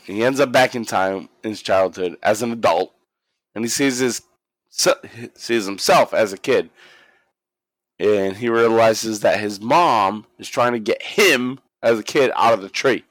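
A lowish, slightly slow male voice, recorded dry, belongs to a podcast co-host. He tells a wrestling story casually, with lively delivery, frequent swearing, and quotes he acts out.

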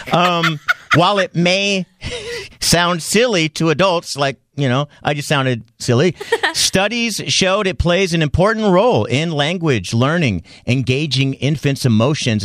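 A man's voice: medium pitch, no room sound. A man hosting a radio talk show, chatty and laughing often in a radio studio. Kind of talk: casual studio chat. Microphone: studio mic.

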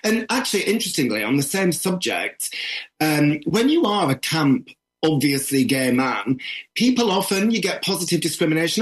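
A man's voice: fairly high pitch, very animated, normal speed. A man with a northern English accent, an author talking animatedly and emphatically in an interview. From northern England. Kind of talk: interview conversation.

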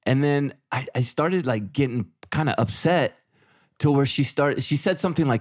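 A middle-aged podcast co-host tells a story in casual conversation, quoting both himself and his wife. His voice is medium-pitched at a moderate pace, recorded dry with clean studio sound.

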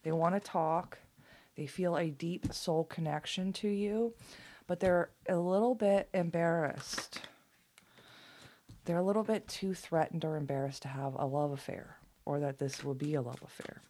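Low-voiced woman giving a tarot reading. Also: fairly even intonation, measured pace, a little hiss or hum. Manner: swearing, giddy, laughing often; trailing off into soft unvoiced whispers. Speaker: tarot reader. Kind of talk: casual tarot reading with tangents.

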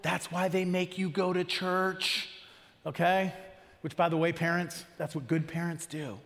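A pastor speaking in a church auditorium keeps his sermon conversational and asks the congregation questions again and again. His high-pitched voice is creaky and a bit bright, delivered flatly and a little slowly, with a long reverb tail.

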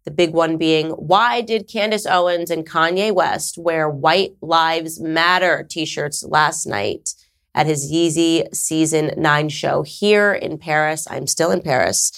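Low-voiced woman hosting a talk show. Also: slow pace, vocal fry, a bit bright. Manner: conversational, emphatic, sarcastic asides. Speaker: podcast host. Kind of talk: casual monologue to camera.

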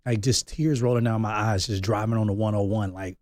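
A man's voice: fairly low pitch, fairly even intonation, brisk, darkish tone, no room sound, clean studio sound. A man in his thirties, a podcast guest, talking openly and reflectively in a candid personal conversation, thinking aloud as he goes.

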